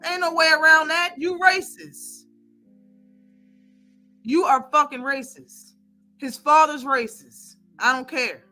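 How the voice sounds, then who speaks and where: Woman host going off on a live stream, cussing and blunt, bright voice, quiet music behind. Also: high-pitched, steady tone, slow, long pauses. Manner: blunt, profane, ranting. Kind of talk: heated live-stream commentary.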